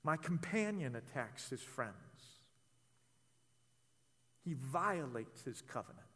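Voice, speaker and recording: A man preaching a sermon, animated and stammering as he voices the hurt of a betrayed spouse. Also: medium pitch, takes it slowly, slightly rough. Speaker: pastor. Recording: long hall reverb.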